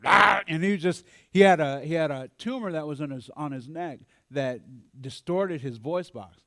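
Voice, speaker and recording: A man giving a storytelling talk at a church mental health forum, animated and acting out the voices of people he quotes. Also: fairly high pitch, moderate pace, no room sound, clean studio sound.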